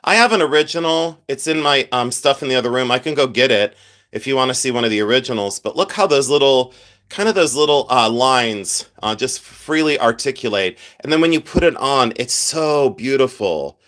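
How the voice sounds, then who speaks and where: This middle-aged jewelry collector runs a relaxed livestream, talking in an expressive, mid-range voice that's a little fast and fairly bright. Sinus congestion colors his chatty, meandering talk, and he keeps thanking his viewers.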